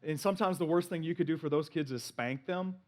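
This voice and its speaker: A man preaching a sermon in an animated, playful way, acting out little voices as he goes. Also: a little high, quick pace. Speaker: pastor.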